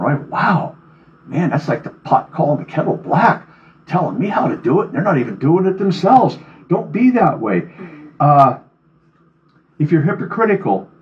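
A man's voice: a little high, highs cut off. A man preaching a sermon, reading scripture aloud with rising fervor and then speaking plainly to his congregation. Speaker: pastor.

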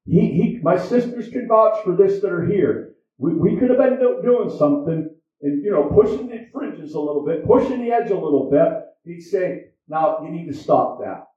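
A man with a high yet mellow voice preaches in a plain, repetitive way. He is heard from a distance in a very echoey church, and the sound is dull. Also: lively intonation, moderate pace. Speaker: pastor. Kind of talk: sermon.

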